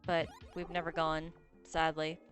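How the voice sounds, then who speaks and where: A woman's voice: deep voice, a little slow, faint music behind. A young woman from the United States co-hosting a game stream, telling stories with lots of laughter and fillers. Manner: animated storyteller, laughs often, many fillers. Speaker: streamer co-host. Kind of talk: casual chat over gameplay.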